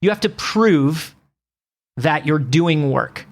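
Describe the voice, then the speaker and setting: Male podcast co-host, lively pitch, sarcastic, casual swearing. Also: slow. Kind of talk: casual comedic chat.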